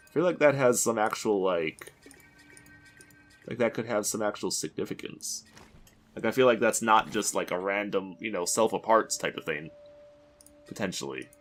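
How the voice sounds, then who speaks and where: A man's voice: lowish voice, normal speed, pauses often, faint music behind. A man giving exasperated, swearing let's-play commentary, rambling and restarting his sentences. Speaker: gaming commentator.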